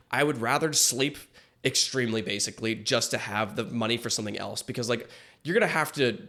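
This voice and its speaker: A man chatting through his reaction to an animated episode, swearing casually and wandering through question after question. His voice sits at an ordinary middle pitch. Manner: rambling, swears freely, asks many questions. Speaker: reaction video host.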